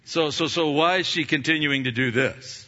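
A man telling a story in a sermon, halting and repeating words as he goes. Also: fairly high pitch, bright, forceful tone, highs cut off.

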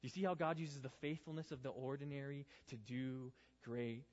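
A man's voice: medium pitch, steady tone, moderate pace, darkish tone. A man preaching a youth sermon, earnest and urging, asking his listeners question after question. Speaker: youth pastor. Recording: dull sound with long hall reverb.

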